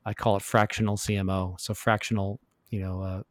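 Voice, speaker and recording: Earnest middle-aged man, low voice. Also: level tone, brisk, no echo. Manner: earnest, reflective storytelling. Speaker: podcast guest. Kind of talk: casual interview talk.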